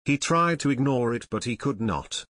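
A man narrating a children's fantasy chapter book in steady scripted narration, as author and reader. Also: mid-range voice, moderate pace, no room sound, studio quality.

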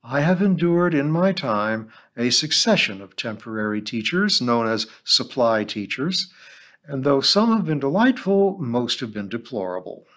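A man narrating an audiobook in a measured, even storytelling manner. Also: medium pitch. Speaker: audiobook reader.

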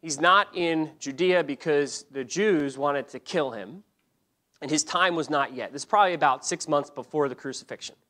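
A man teaching a church Bible lesson, telling the story in an animated way, acting out the quotes, often restarting his sentences. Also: on the high side, normal speed.

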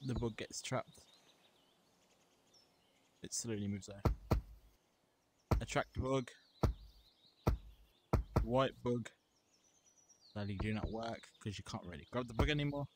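Young guy, casual game walkthrough, clipped offhand listing, mid pitch, heavy background noise. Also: takes it slowly, pauses often. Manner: reads out menu items in short bursts, offhand. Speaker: gameplay reviewer.

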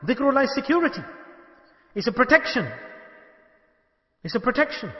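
A man giving a sermon, asking his listeners questions and acting out little dialogues. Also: sits high. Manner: rhetorical, asks the audience questions and acts out dialogue. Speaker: sheikh giving a religious talk. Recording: echoey hall, dull lo-fi sound.

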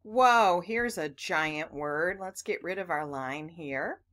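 A woman's voice: deep voice, lively intonation, takes it slowly, a bit bright. A woman teaching children phonics, patiently sounding out words letter by letter and talking to the class as boys and girls.

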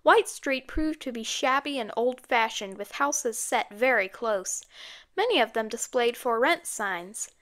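Woman audiobook narrator, steady and measured, slightly high voice.

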